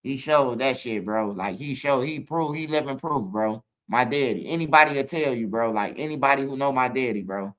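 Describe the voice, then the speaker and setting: A man with a Chicago accent rambles through profane stories, tossing "bro" into nearly every line. His voice is bright and forceful at a middling pitch, and he keeps turning to his viewers to ask what they think. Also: moderate pace, hardly any pauses, lo-fi sound. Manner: talks straight to viewers, asks for comments. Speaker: channel host. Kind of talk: casual storytelling monologue.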